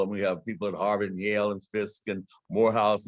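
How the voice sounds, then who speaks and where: An older man, an invited speaker, gives an impassioned, preaching address to guests in a house gallery, repeating words as he builds to emphatic peaks. His fairly low voice is delivered flat at a quick pace with few pauses and no room sound.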